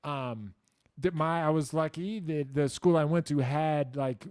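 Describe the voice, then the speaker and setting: The man running this casual livestream Q&A meanders through viewer questions, self-deprecating and heavy on filler words, with profane, blunt remarks tossed in. His voice is on the high side, unhurried, slightly mellow, clear, and resonant, in a dry studio-quality recording.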